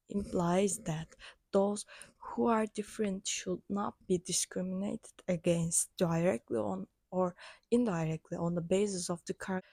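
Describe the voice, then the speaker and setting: A woman reading a prepared lesson aloud in a careful, measured way, with small restarts. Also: lowish voice, gravelly, warm tone, no room sound. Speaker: educational presenter.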